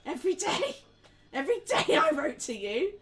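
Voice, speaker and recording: A woman's voice: high-pitched, very animated, normal speed, fairly bright tone, recorded from a distance, soft background music, voice pushed up. A woman voicing a haggard, horned female hag who cruelly taunts a captive with spiteful rage. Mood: taunting rage.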